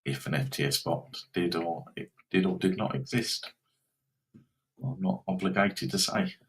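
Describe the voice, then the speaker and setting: A man's voice: low voice, a little slow, poor audio. A man hosting a live betting stream, rambling casually and reacting to football scores and viewers.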